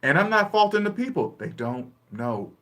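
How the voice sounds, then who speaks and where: A man talking bluntly and casually about money and debt, laughing often and acting out quick little dialogues. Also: fairly high pitch, very animated, fairly bright tone. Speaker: personal finance vlogger. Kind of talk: casual live-stream talk.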